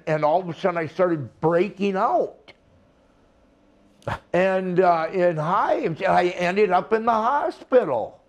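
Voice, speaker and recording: A man's voice: on the high side, lo-fi sound. An older man, a retired wrestler, telling rambling stories with laughs and restarts in a casual interview.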